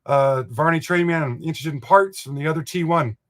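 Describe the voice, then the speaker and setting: An older man from Montana, USA, with a fairly high voice and a quick pace, hosts a live model train stream. He chats in a rambling, folksy way and chuckles while reading viewer comments.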